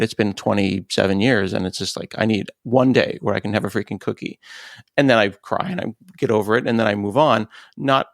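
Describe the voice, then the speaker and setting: Gravelly man hosting a podcast. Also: on the low side, dry recording, studio quality. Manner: candid, personal, asks probing questions. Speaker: podcast host. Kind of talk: casual interview.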